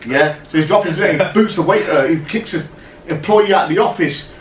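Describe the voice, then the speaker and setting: A man co-hosting a podcast, telling stories in casual, animated chat full of "right?" asides. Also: on the high side, fast, distant mic. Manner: animated storyteller, lots of "right?" and "yeah?" asides. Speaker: podcast co-host. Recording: roomy echo, off-mic, faint noise.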